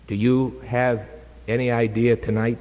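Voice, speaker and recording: A man preaching an urgent evangelistic sermon, dramatic and moving from hushed to loud. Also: medium pitch, flat delivery, measured pace, big-room sound, highs cut off.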